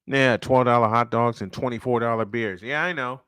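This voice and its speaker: A man's voice: mid-range voice, steady tone, moderate pace, fairly bright tone, clear, resonant tone, no room sound. A man hosting a casual live-stream sports show, ranting and firing off rhetorical questions, repeating his points for emphasis.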